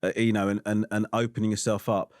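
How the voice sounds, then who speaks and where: A man's voice: lowish voice, level tone, quick pace, darkish tone, no echo, studio quality. A man in his forties with an English accent, hosting a casual interview and asking questions with many restarts. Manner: hesitant, restarts questions often. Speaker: host.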